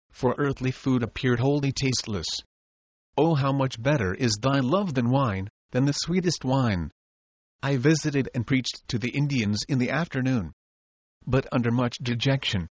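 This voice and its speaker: A man of middle pitch reads an old devotional diary aloud, steady and solemn. The sound is dry and close with no room around it, on a slightly muffled lo-fi recording. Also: no room sound. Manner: measured, solemn, devout reading. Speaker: audiobook narrator.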